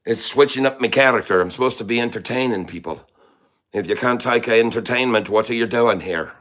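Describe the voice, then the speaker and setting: A man's voice: mid-range voice, fairly quick, fairly bright tone, natural voice. A man voicing a boastful, joking Irish leprechaun in a put-on Irish accent, teasing his live-stream viewers with mock-tough banter. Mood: cheeky.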